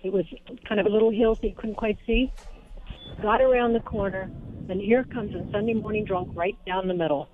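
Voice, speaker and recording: A woman's voice: medium pitch, fairly quick. An older woman calling in to a radio show, telling a story in an easygoing, amused way. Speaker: caller. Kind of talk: phone-in storytelling. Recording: tinny phone line.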